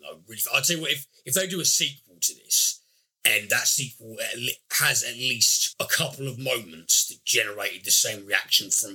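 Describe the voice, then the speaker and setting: A man's voice: on the low side, pushed and bright, husky. A man co-hosting a podcast, rambling a little and correcting himself as he gives a blunt opinion on a film. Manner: rambling, self-correcting, apologetic, laughs a lot. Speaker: podcast co-host. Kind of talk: casual review chat.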